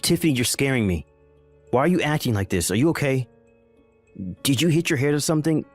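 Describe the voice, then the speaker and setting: A man acts out a bewildered husband in a text-message story drama. His voice is mid-pitched and swings widely as he fires off alarmed questions. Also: expressive, fairly quick, soft background music, natural voice. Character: bewildered husband, pleading and confused.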